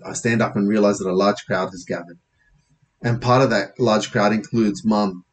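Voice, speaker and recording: A man's voice: lowish voice, fairly even intonation, moderate pace. A man narrating a comic first-person audiobook in a casual, wry manner, sometimes correcting himself.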